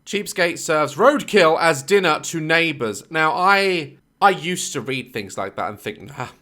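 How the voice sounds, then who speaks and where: A man chats through a reaction video with a bright, forward tone and a voice that swings widely up and down. He keeps up a stream of sarcastic jokes and mocking asides in a loose, casual way. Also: on the high side. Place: home office.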